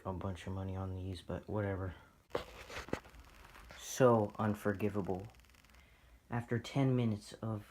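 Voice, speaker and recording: Rambling excitable man, lowish voice. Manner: excitable, rambling, self-mocking. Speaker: toy collector vlogger. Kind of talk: casual rambling vlog.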